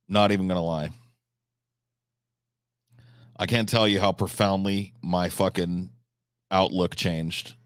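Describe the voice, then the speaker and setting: A deep-voiced man from the United States hosting a live stream. He rambles casually in a blunt way and swears freely. His voice is low, and the close, dry sound has no room echo.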